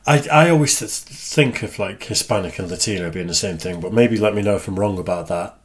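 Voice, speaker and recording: A man's voice: on the low side, fairly quick. A man hosting a reaction video, chatting casually and teasing in banter.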